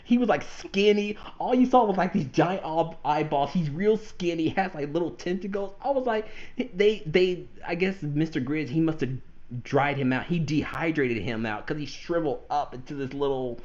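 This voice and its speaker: A man hosting a gaming podcast in casual chat, animated and often laughing. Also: fairly high pitch, moderate pace, lo-fi sound. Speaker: podcast host.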